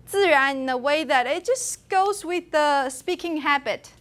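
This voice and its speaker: A woman's voice: sits high, a little slow, fairly bright tone. A woman giving a university phonetics lecture in a classroom. She switches between English and Mandarin and says tones aloud to demonstrate them.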